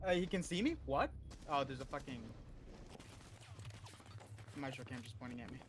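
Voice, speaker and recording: A man's voice: mid-range voice, expressive, normal speed, a little hiss or hum. A man playing a game with friends, calling out enemies and swearing. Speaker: co-player. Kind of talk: casual gaming chat.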